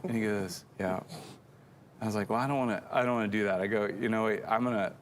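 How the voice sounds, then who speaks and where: Low-voiced rambling storytelling man. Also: steady tone, fast talker, a little hiss or hum. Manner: rambling, self-deprecating storyteller. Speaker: church show co-host. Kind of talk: casual faith chat.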